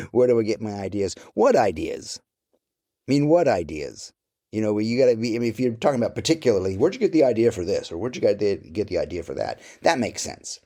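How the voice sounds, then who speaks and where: A man's voice: on the low side, big pitch swings, fairly quick, mellow. A middle-aged man answering interview questions about his life and work, candid, blunt and profane.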